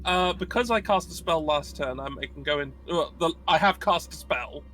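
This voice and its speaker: A man's voice: fairly high pitch, normal speed, bright, forceful tone, faint music behind. A man playing a tabletop game, explaining his turn hesitantly with many fillers. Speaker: player.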